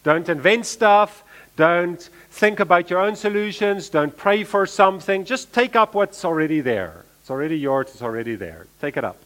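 A man preaching a sermon, repeating key phrases and swinging between emphatic lines and quiet asides. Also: sits high, expressive, moderate pace.

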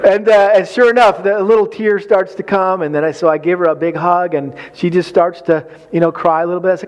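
A man's voice: high voice, a little fast, few pauses. A man preaching a sermon to men about marriage, telling a personal story and acting out his own reactions with animation. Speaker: pastor.

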